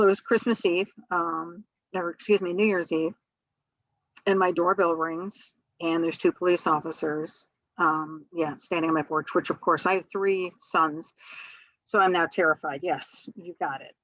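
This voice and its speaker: A woman's voice: on the low side, no room sound, highs cut off. A middle-aged woman, a guest on an interview show, tells a personal story in a rambling way, full of fillers and restarts.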